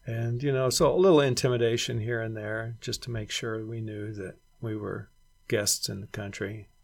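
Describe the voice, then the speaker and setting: A man's voice: fairly low pitch, fairly even intonation, moderate pace, vocal fry. A middle-aged man, a former missionary and regional director, reflectively recounting his years abroad in an oral history interview. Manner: reflective storyteller who acts out quoted voices.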